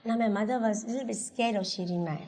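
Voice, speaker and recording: Woman, Indian English accent, fairly high voice, lively anecdotal storytelling, laughs often. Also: quick pace, rough recording. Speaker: interviewee. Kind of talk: oral history storytelling. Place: religious center.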